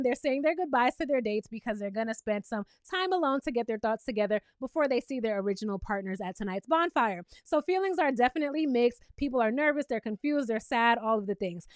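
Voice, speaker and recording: A woman's voice: sits high, no echo. A woman recapping a reality show in casual, sassy commentary, talking straight to her viewers.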